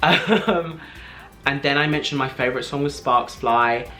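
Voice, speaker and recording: A young man in his twenties spills a story to his vlog camera in a gushing, breathless rush, packing every sentence with "like" and "I was like". His voice sits at an ordinary middle pitch, with faint music under it. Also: a little slow, pushed and bright. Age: 20s. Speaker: vlogger. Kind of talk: excited personal storytelling.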